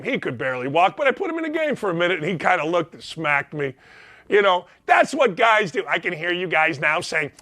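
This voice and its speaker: A middle-aged man hosting a sports show, ranting in a loud, blunt, sarcastic way. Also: high voice, very animated, normal speed, no echo, studio quality.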